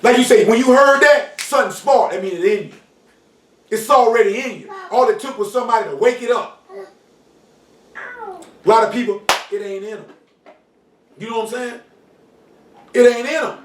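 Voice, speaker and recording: A man preaching an informal sermon in street slang, often asking "you know what I'm saying" and shouting for emphasis. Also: extremely high pitch, lively intonation, normal speed, pauses often. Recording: roomy hall, mic far off, faint noise.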